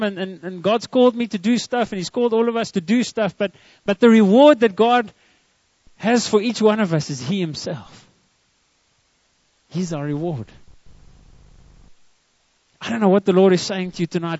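A man's voice: high-pitched, moderate pace, long pauses, darkish tone, dry recording, lo-fi sound. A man preaching a sermon to a church congregation, earnest and often repeating words as he starts a line. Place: church service.

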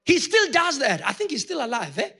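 A man preaching a sermon with passion, talking straight to his congregation and rising to shouted peaks. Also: extremely high pitch, huge pitch swings, a little fast, gravelly. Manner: addresses the congregation directly.

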